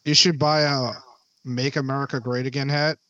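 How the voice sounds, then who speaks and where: A man's voice: medium pitch, little pitch movement, moderate pace, sharp tone. A man co-hosting a podcast, easygoing and tossing out ideas in casual chat. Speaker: podcast co-host. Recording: dull, dry lo-fi podcast audio.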